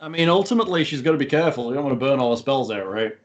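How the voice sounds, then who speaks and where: A man's voice: mid-range voice, animated, very fast. A man narrating as game master for a tabletop game, casual and chatty, leaning on filler phrases. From not from Texas. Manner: leans on filler phrases like "ultimately".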